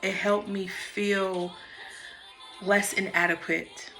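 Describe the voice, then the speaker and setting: A woman's voice: medium pitch, flat delivery, takes it slowly, pushed and bright, soft background music. A woman talking casually and frankly into her phone about meditation and personal growth, swearing freely. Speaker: vlogger. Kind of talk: casual spiritual monologue.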